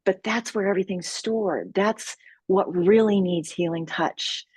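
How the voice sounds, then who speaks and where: A woman who leads healing retreats, talking calmly and earnestly as a guest in an interview, with measured pauses. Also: medium pitch, breathy edge, no room sound. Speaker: sexual healing retreat leader.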